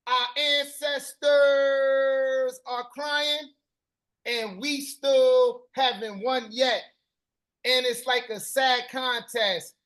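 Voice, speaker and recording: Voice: high voice, fairly bright tone. A live-stream host performing spoken-word poetry in a rhythmic, chanted delivery with repeated refrains.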